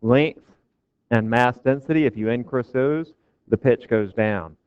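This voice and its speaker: A man's voice: mid-range voice, a little slow, clean tone, no echo. A man giving a physics lecture to a class, casual and joking with his students. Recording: dull, dry lecture recording.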